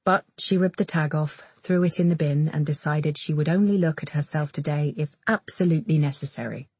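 Low, husky woman narrating. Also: brisk, a little mellow, no room sound. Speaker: audiobook narrator. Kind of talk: scripted narration.

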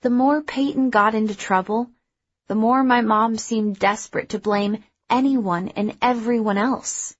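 A woman's voice: a little high, dull audio. Woman narrating an audiobook evenly. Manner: even, measured storytelling.

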